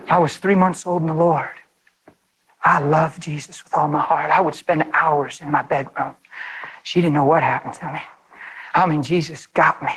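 A man preaching a sermon, fervent and animated, speaking straight to his listeners and acting out prayers. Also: breathy edge, rough recording. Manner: fervent, animated, voice leaps high when excited; addresses listeners directly and acts out prayers.

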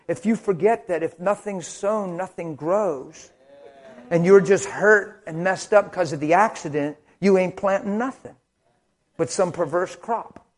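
A man preaches a story-driven sermon, his voice pitched high and edged with husk. He acts out the scenes dramatically, dropping to a hushed near-whisper before rising to excited shouting.

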